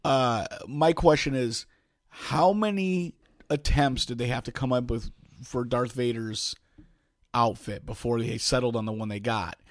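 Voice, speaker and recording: A man's voice: mid-range voice, measured pace, no echo, studio quality. A man co-hosting a podcast, chatting casually and rambling with many restarts and asides. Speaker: podcast co-host. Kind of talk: casual chat.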